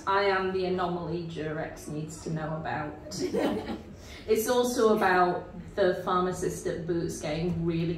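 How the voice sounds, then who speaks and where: A woman poet reading her poems aloud at a book launch in a pub venue, wry and breaking into laughs. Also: fairly low pitch. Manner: wry, laughs between lines. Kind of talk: poetry reading. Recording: very echoey room, mic far off.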